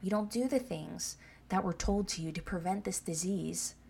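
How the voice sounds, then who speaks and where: A woman's voice: on the low side, moderate pace, gravelly, darkish tone, a little hiss or hum. A woman preaching a sermon, reading scripture aloud and pressing her points with repeated questions to the listeners. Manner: emphatic, asks the listeners "Amen?".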